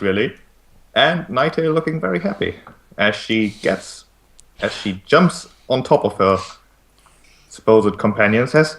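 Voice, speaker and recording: A man's voice: fairly low pitch, fairly bright tone. A man narrating as game master of a tabletop game, often repeating words as he starts sentences.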